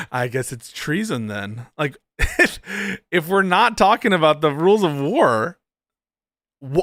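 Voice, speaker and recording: A man's voice: a little high, fairly bright tone, dry recording, studio quality. A man streamer commenting on a clip in a sarcastic, profane way, laughing often. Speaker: streamer reacting to a debate clip. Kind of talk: casual commentary.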